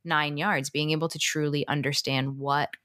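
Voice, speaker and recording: A woman's voice: sits low, little pitch movement, normal speed, fairly bright tone, no room sound, studio quality. A woman co-hosting a podcast, speaking earnestly and reflectively in casual conversation. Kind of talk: casual chat.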